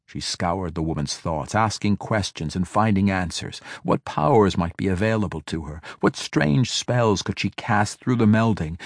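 Low-voiced man narrating a fantasy audiobook. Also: darkish tone, no room sound, clean studio sound.

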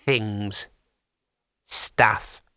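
A man voicing a cowardly little demon from a storybook, evasive and wretched, speaking in a hushed way. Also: fairly low pitch, steady tone, very slow, smooth, no echo, clean studio sound, heavily acted. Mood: nervous. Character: nervous cowardly little picture-box demon.

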